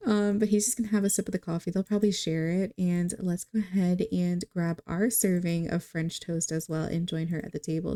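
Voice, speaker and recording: Young woman game creator, chatty and giggly, mellow warm tone, casual commentary. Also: fairly low pitch, flat delivery, a little fast, few pauses. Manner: chatty, giggly, addresses viewers. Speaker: gaming video creator.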